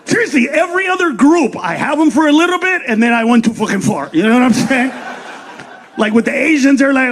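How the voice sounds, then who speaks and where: Male stand-up comic, very high-pitched, brash profane delivery, faint hiss behind him. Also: lively intonation. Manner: profane, rapid rants with shouted punchlines and acted-out voices. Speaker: stand-up comedian. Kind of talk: stand-up comedy set.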